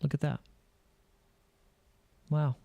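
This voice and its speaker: A man hosting a crypto channel, talking over charts in casual, excitable commentary and acting out panicky investor voices. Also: drawn-out words, no room sound, lo-fi sound.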